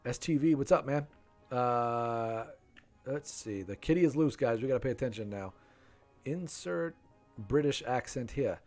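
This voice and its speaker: A man's voice: mid-range voice, moderate pace, darkish tone, soft background music. A man in his thirties hosting a live game stream, chatting with viewers and reading their names from the chat.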